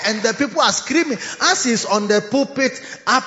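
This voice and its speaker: A Ghanaian man preaching in a large church, his voice pitched high and swinging from low asides up to excited shouts. The sound is dull and lo-fi, with a long reverb tail from the hall around him. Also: moderate pace, few pauses, faint music behind. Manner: animated, laughing, rising to shouts. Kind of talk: sermon.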